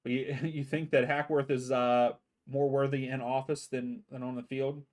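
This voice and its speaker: A man with a medium-pitched voice hosts a live soccer watchalong from home. He talks loosely and casually, running through scores with fillers and restarts. He sounds a bit sleepy. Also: little pitch movement, normal speed. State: sleepy, yawning. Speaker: watchalong streamer host. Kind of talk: casual live-stream commentary.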